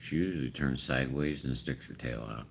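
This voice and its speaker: Very deep, gravelly older man coaxing. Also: brisk, background noise. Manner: coaxing, self-deprecating, chuckling. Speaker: livestream host feeding raccoons. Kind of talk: casual livestream chat.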